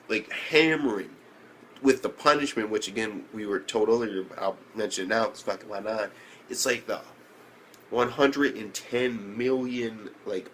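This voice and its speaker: A young man reviewing an anime episode in casual speech, slangy and profane, who keeps jumping up in pitch when he reacts. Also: slight background noise.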